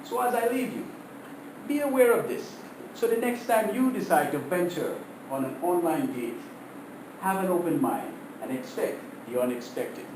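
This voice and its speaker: A man giving a prepared humorous speech to his class, telling stories in an animated way and laughing at his own jokes, heard from across a classroom. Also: high-pitched, normal speed, roomy sound, distant mic, background noise.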